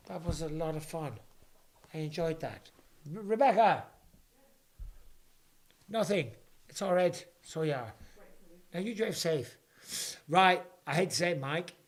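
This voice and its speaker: A man hosting a live fight watch party from home, chatting with viewers and reacting excitedly, with casual swearing. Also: fairly high pitch. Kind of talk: live watch-along commentary and chat.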